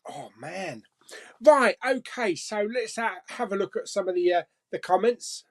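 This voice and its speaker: A man's voice: high-pitched, lively intonation, unhurried. Chatty man hosting a live stream. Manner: chatty and jokey, laughs often, swears casually. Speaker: live-stream host reading viewer comments. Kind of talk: casual live chat.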